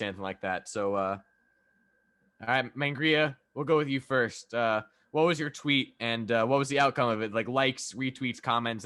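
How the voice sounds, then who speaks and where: A man's voice: medium pitch, pushed and bright, no echo. A man co-hosting a wrestling podcast in casual chat, laughing often and swearing freely. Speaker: podcast co-host.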